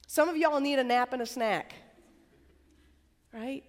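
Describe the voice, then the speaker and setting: A woman preaching a sermon at a college worship service in a conversational, chatty way, sometimes dropping to a soft whisper. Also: high voice, a little slow, long reverb tail. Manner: conversational, chatty, tag questions and "like"; drops to a soft whisper for emphasis. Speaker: campus preacher.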